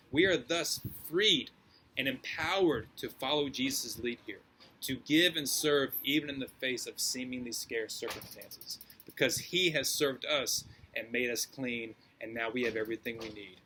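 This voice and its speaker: A man's voice: mid-range voice, bright, forceful tone, slight background noise, poor audio. A male pastor preaching a sermon in a casual, slangy and emphatic way.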